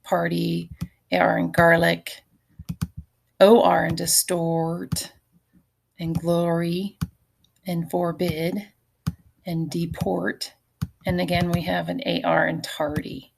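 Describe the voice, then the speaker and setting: A middle-aged woman teaching a recorded phonics lesson, with a slightly low voice that has a gravelly edge. She talks slowly and patiently, sounding out each syllable and letter for her students. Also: level tone, noisy background.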